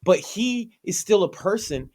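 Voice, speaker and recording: A man talking on a podcast with an earnest, emphatic push behind his points, swearing freely as he goes. His voice sits somewhat high for a man. It stays conversational throughout, like a co-host making a case. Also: animated, unhurried, darkish tone. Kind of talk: casual podcast discussion.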